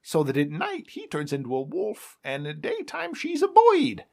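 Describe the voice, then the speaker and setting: A man's voice: high voice, huge pitch swings, moderate pace, vocal fry, a little mellow, voice pushed up, exaggerated voice. A man playing the devil, gleeful and scheming.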